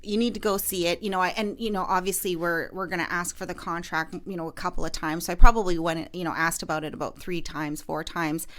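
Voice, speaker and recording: A woman's voice: on the low side, fairly even intonation, quick pace, hardly any pauses, a bit bright. Give me a woman podcast host casually telling a client story, rambling with fillers. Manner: chatty, lots of fillers and restarts.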